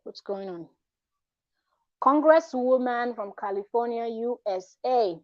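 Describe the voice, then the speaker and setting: A woman's voice: a little high, slow pace, no echo, muffled recording. Talkative woman, rambling commentary. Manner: rambling, frank and talkative, with restarts and trailing asides. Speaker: vlogger. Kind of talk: casual commentary vlog.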